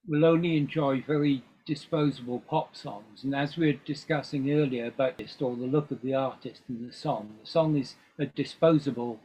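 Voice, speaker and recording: A man's voice: mid-range voice, fairly even intonation, normal speed, hardly any pauses, mellow, a little hiss or hum. An older man chatting as a guest in an interview, talking in a rambling way with frequent ums and restarts. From England. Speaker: guest musician. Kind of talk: casual interview chat. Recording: dull lo-fi recording.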